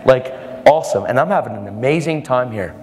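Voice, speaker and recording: A man preaching a storytelling sermon, animated, acting out the people in his stories with sudden jumps in pitch. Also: brisk. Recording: long hall reverb, faint music.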